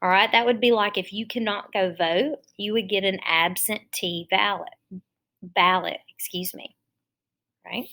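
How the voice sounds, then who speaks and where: A woman teaching phonics to young children. She talks slowly and patiently, breaking every step down. Her voice sits at an ordinary middle pitch. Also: fairly even intonation, bright, forceful tone. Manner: slow, patient, step-by-step explaining.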